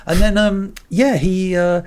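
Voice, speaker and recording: A man with a high-pitched voice hosts a casual movie podcast. He tells the story in an animated way, stumbling and restarting as he goes. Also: unhurried, slight background noise. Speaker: podcast host. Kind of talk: casual movie review chat.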